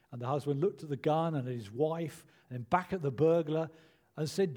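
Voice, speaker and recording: Mellow-voiced older preacher. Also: male voice, on the high side. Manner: measured, earnest preaching with reflective pauses. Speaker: pastor. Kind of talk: sermon.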